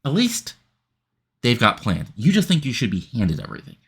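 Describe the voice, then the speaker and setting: A man's voice: medium pitch, huge pitch swings, normal speed, slightly rough, voice pushed up, heavily acted. A man voicing a cocky young male wrestler taunting his rival in a sim-game playthrough.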